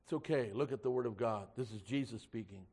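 A man preaching a sermon to his church, rising loud and slow on key words and dropping quiet when he reads scripture aloud in old-fashioned wording. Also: medium pitch, creaky, slightly rough.

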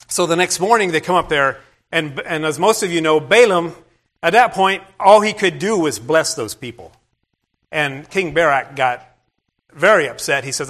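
A man's voice: on the high side, unhurried, a bit bright. A man preaching a sermon, retelling a scripture story in a plain, conversational way with asides to the congregation.

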